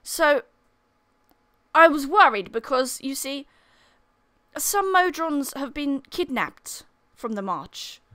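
A woman's voice: high-pitched, very animated, slow pace, long pauses, pushed and bright, dry recording, clean studio sound, voice pushed up, heavily acted. Woman playing a polite, probing knight. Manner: courteous, questioning, hesitant.

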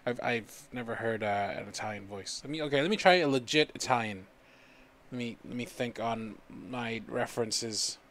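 A man's voice: medium pitch, moderate pace, fairly bright tone. A man giving goofy, chatty let's-play commentary, self-deprecating and often dropping to a mutter. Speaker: gaming YouTuber.

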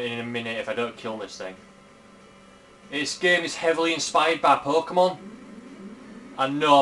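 A young man talks through a game in loose, casual commentary, recorded at home on a camera pointed at the screen. He is chatty and blunt, swears freely and talks straight to the creatures he fights. His pitch sits in a middle range, with a faint hum of room ambience behind him. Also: a bit bright. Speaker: gamer. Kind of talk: casual let's-play commentary. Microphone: camera filming the screen.

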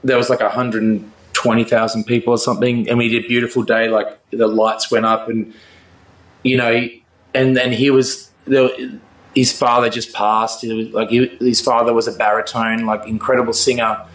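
A man's voice: mid-range voice, level tone, normal speed, fairly bright tone. Man chatting loosely in a roomy space. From Australia. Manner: laughing, swearing, rambling with restarts. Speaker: guest rock singer. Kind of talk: casual interview chat. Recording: roomy echo.

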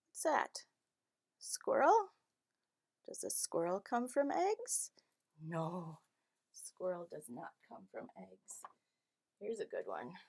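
A woman's voice: medium pitch, darkish tone. A woman teaching young children at home, asking questions in a sing-song way and gasping at each reveal. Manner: sing-song, exaggerated questions and gasps for kids. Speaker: children's storytime presenter.

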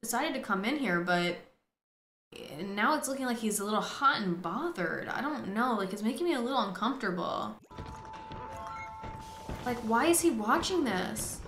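A woman hosting a gameplay video, chatting excitably, swearing and talking to the characters on screen. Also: on the high side, normal speed, long pauses, reverberant, a little hiss or hum. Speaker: gaming host. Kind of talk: casual gameplay commentary.

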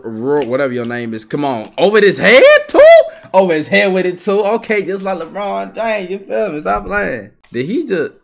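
A man's voice: sits high, moderate pace, vocal fry. A young man, giving live trash-talking commentary over his gameplay. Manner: trash-talking, excitable, repeats himself. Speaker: gaming streamer.

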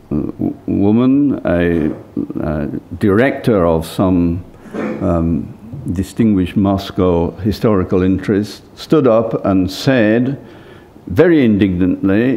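Slow, gravelly low-voiced older man. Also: warm tone. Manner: hesitant, many fillers and restarts. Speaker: lecturer. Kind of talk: impromptu academic remarks.

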